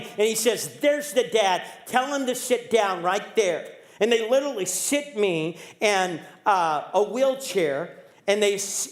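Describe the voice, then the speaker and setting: A man in his sixties, a pastor telling a personal story in a sermon, acting out the voices and dropping low and quiet at the serious moments. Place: church sanctuary. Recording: echoey church sanctuary.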